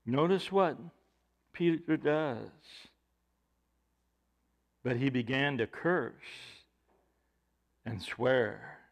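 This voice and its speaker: A man preaching a sermon, expressive, swelling loud at times and dropping soft at others. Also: medium pitch, takes it slowly, pauses often. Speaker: pastor.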